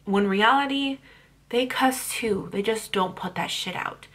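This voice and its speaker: Husky young mom vlogger ranting, blunt and sweary, fired up. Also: female voice, medium pitch, measured pace, a bit bright. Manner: blunt, profane, heated. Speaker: parenting vlogger. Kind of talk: blunt vlog rant.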